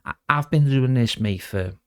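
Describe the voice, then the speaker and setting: A man's voice: medium pitch, normal speed, a bit bright, clean tone, no echo, studio quality. A middle-aged man chatting as a podcast guest, rambling casually and calling the host "mate". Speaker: guest impressionist.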